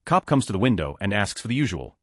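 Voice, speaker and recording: A low-voiced man narrates Reddit stories at a fast clip. His pitch moves a lot as he reads, and the recording is dry and close. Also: sing-song, fairly bright tone, no room sound. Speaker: story narrator. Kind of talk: reading Reddit stories aloud.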